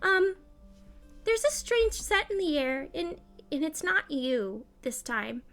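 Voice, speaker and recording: A woman voicing a gentle, timid blind female house cat who talks in a soft, friendly way. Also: high-pitched, very animated, slow pace, faint music behind, pitched above the performer's own voice, exaggerated voice.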